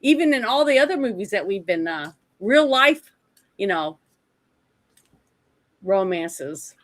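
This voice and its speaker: A woman's voice: mid-range voice, big pitch swings, slow. A woman co-hosting a casual movie review podcast, retelling scenes in a rambling way with lots of asides. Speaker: podcast co-host.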